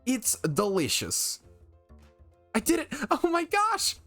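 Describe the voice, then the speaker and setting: A streamer voicing an excitable young woman learning to cook, bubbly and eager. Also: mid-range voice, moderate pace, soft background music, pitched above the performer's own voice.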